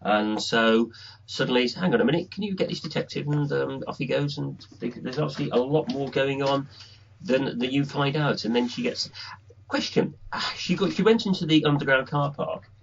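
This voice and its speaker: A man co-hosting a podcast, reviewing an episode in a rambling, halting way. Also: mid-range voice, creaky, lo-fi sound. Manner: rambling, halting, restarts a lot. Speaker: podcast co-host. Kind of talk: casual review chat.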